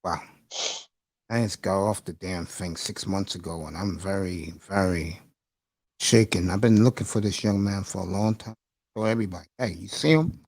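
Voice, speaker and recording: A man's voice: sits low, steady tone, moderate pace, a little mellow, no room sound, studio quality. A man hosting a casual live stream, rambling and emotional, calling his listeners bro and folks. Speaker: livestream host. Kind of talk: casual livestream chat.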